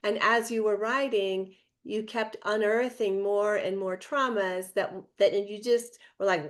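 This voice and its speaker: A woman's voice: medium pitch, normal speed, hardly any pauses. Woman hosting an online interview. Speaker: host.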